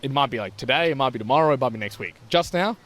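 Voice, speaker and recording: A man talks quickly on a podcast, his voice sitting at an ordinary middle pitch. He rambles through stories and teases his co-host in easy, casual chat. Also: expressive, fairly bright tone. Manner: chatty storyteller, quick to tease back.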